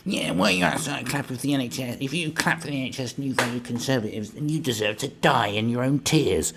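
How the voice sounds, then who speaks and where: A man's voice: medium pitch, fast talker, creaky, noisy background, pitched above the performer's own voice, lightly acted. A man putting on the voice of a sanctimonious social-media scold, in a mocking, preachy tone.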